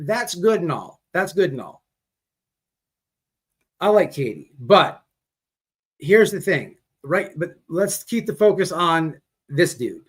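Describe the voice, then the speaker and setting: A man's voice: fairly high pitch, a bit bright. A man hosting a casual commentary show, talking bluntly and rambling into ranting asides. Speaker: commentary host reacting to a livestream. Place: on a fast-food restaurant's wifi.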